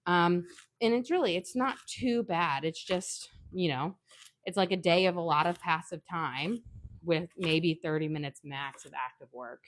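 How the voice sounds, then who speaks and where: A woman's voice: fairly low pitch, measured pace. Chatty woman cooking at home. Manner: chatty, instructional, sidetracked into anecdotes. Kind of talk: casual cooking demonstration. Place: home kitchen.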